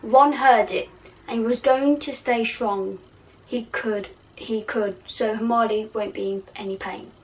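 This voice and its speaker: A woman's voice: on the high side, steady tone, unhurried, recorded from a distance, low-quality recording. A woman reading her own fan fiction aloud in a casual way, giggling and poking fun at herself, stumbling over words. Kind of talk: casual story reading with asides.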